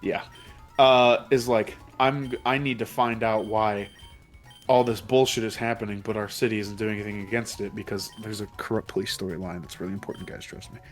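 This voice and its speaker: A man with a fairly low voice talks his friends through a long, loose recap, piling clause on clause and swearing casually. Faint game music runs underneath. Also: steady tone, a little fast. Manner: rambling, profane plot recaps. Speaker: let's play commentator.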